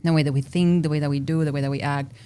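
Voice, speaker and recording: A young woman with a Mexican accent and Spanish as her first language, talking freely as a guest on a podcast. Her voice sits low and sounds mellow and warm. She is expressive and chatty, laughing out loud as she goes. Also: racing, a little hiss or hum. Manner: talkative and expressive, laughs loudly. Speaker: guest researcher. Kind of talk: casual podcast interview.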